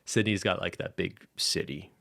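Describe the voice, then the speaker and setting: A young man with a deep, gravelly voice, recorded dry and close with no room sound. He talks in a loose, rambling way as a podcast co-host and laughs often. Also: normal speed, fairly bright tone, no echo. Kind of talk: casual chat.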